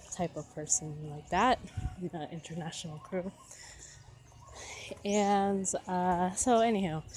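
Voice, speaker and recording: Slow, low-voiced Filipino woman explaining. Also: background noise. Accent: Filipino English. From Philippines. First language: Ilocano. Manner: thinks aloud, explaining step by step. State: out of breath. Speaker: vlogger on language. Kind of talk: explanatory casual talk. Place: outdoors while walking, passing a school.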